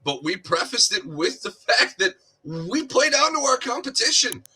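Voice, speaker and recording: A man co-hosting a sports podcast, breaking down games in a measured, analytical way with dry humor. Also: very high voice, big pitch swings, bright, forceful tone, breathy edge. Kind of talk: casual analytical chat.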